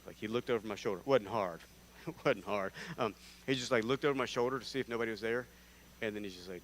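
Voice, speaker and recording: A man's voice: on the low side, fast talker, slight background noise. A man preaching a sermon in a church, telling stories in a conversational, self-deprecating way and acting out the characters in them. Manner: animated storytelling, acting out characters with big swings in loudness. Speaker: guest preacher. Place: church sanctuary.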